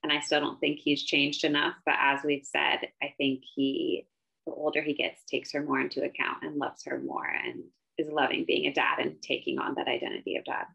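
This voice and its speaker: A woman co-hosts a relaxed book podcast, and her voice carries a gravelly fry. The recording sounds dull and lo-fi. She talks in an animated, emphatic way that rises steeply when she is worked up. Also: sits low, normal speed. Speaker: podcast co-host. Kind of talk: casual book-discussion chat.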